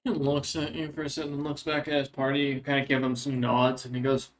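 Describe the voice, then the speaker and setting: A young man describing a tabletop scene as game master, mid-pitched and easy. He halts often, padding his lines with fillers and restarts. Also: completely flat delivery, low-quality recording. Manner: halting, many fillers and hedges.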